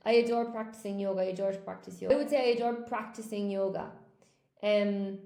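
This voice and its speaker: Chatty Irish woman with a gravelly voice. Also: medium pitch, fairly even intonation, fast, warm tone, roomy sound. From Ireland. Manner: chatty, thinks aloud, reads out comments. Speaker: English teacher. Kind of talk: live-stream lesson, answering viewer chat.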